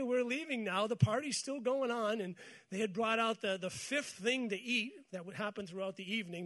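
A male pastor giving a lively sermon, calling on the congregation to respond and telling funny personal stories. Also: high-pitched. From United States. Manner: call-and-response with congregation, storytelling with humor.

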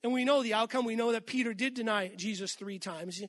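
A man's voice: extremely high pitch, a little fast, fairly bright tone, no echo. A man preaching an earnest, emphatic sermon, calling out to the congregation for amens.

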